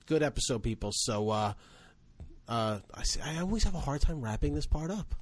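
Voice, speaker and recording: A man co-hosting a casual podcast, with a mid-pitched, ordinary male voice. He jokes and teases in an easy, conversational way. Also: animated, moderate pace. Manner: joking, teasing. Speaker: podcast co-host. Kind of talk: casual chat.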